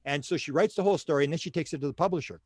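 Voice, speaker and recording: An older man, a guest in an interview, telling stories in an animated way and often repeating words while he searches for the next one. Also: fairly high pitch, rapid-fire, dry recording, studio quality. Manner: animated storyteller who acts out quoted dialogue. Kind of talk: storytelling in a casual interview.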